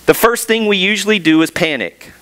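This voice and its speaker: A middle-aged male pastor preaching a sermon, telling a personal story and asking the congregation rhetorical questions, slowing down on key words. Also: sits high, a bit bright, clear, resonant tone, dry recording.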